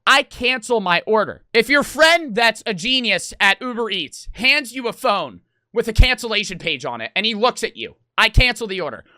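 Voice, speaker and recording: A young man tells a story on stream in an animated, excitable rush, swearing freely and hitting his words hard. His voice is bright and forceful, with a lively pitch that jumps all over. The sound is close and dry. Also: dry recording. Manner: excitable, swears a lot, rapid and emphatic. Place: gaming house room.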